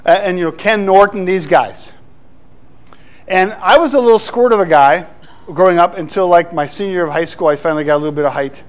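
High-voiced man preaching a lively sermon. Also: a little fast. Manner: animated, playful asides to the congregation. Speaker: pastor.

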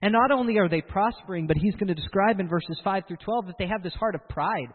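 Man, preacher, animated sermon, slightly high pitch, tinny narrow sound. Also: fast talker, slightly rough, in a large hall. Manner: animated, acts out quoted voices.

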